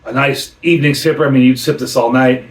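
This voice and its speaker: A man's voice: mid-range voice, fairly even intonation, fast talker, far from the mic. A man hosting a casual beer review chat, enthusiastic and often restarting his sentences. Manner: enthusiastic, repeats himself with restarts. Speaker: host of a beer review channel. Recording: roomy sound from away from the mic.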